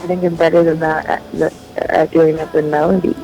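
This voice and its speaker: Dry, gravelly-voiced woman musician. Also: sits low, level tone, a little fast, dark tone, dull audio. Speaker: musician guest. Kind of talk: casual interview chat.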